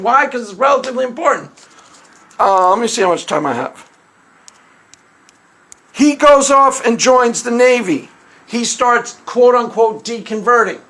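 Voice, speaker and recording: A man with a strikingly high voice talks through a casual commentary monologue on his own channel. He rambles and circles back to repeat his points, and he chuckles at his own jokes as he goes. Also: a bit bright. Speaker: commentary video host.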